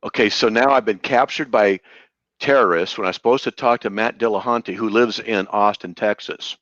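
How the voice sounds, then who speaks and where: A man's voice: on the low side, moderate pace, a bit bright, no room sound. A man debating, interrupting and firing back sarcastic, incredulous questions. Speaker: debater defending a belief. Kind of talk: heated live debate. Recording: dull, dry lo-fi sound.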